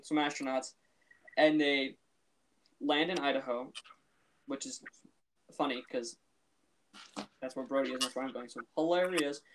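A man's voice: fairly high pitch, a bit bright, slight background noise. A man co-hosting a podcast, talking in a chatty, amused way, full of "like" and restarts. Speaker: podcast co-host. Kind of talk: casual chat.

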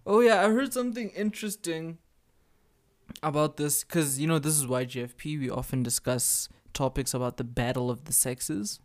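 A man's voice: on the high side, normal speed. Laughing man, casual podcast. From South Africa. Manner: laughs often, loose and joking. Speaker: podcast co-host. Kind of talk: casual chat.

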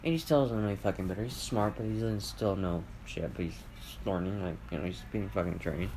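Low-voiced man ranting, profane and rambling. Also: brisk. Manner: rambling, profane, lots of fillers and restarts. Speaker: podcast host. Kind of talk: rambling solo podcast rant. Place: at home with family around. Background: faint household noise, dogs and TV.

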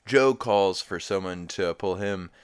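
A man's voice: low voice, unhurried, clear, resonant tone. A young man hosting a podcast, retelling an episode in a rambling, profane way, with laughs along the way. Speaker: podcast host. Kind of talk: casual episode recap.

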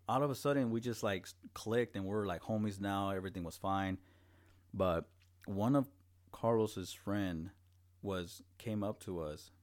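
A young man telling a long personal story in casual chat, rambling, with heavy swearing and many restarts. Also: low voice.

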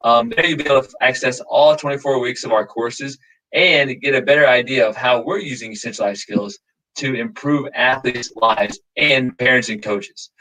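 A man's voice: medium pitch, moderate pace, sharp tone, rough recording. A man from the American Midwest who hosts a podcast, friendly and heavy on fillers. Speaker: podcast host. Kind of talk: casual podcast hosting.

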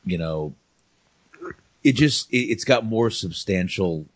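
A man from North Carolina talks through a film he loves in a loose, rambling way, full of restarts and fillers. His voice sits very low. The sound is dry, with no room around it. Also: animated, slow, no echo. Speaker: podcast host. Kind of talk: casual movie review chat.

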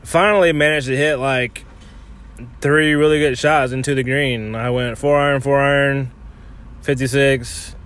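A man's voice: mid-range voice, steady tone, measured pace, a bit bright. A man talking casually about his golf game in a loose, rambling way, full of fillers and the odd swear word. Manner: filler-heavy, laid-back, swears casually. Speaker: amateur golfer podcaster.

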